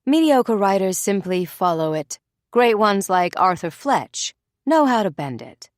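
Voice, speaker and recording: A woman voicing a composed woman novelist who answers calmly and cuttingly. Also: mid-range voice, measured pace, no room sound, clean studio sound. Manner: calm and cutting.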